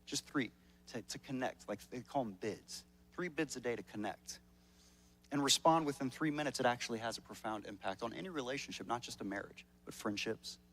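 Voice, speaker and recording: A man's voice: medium pitch, brisk, fairly bright tone. A male pastor preaching a sermon at a church service in a conversational, joking way, often repeating words as he starts a sentence.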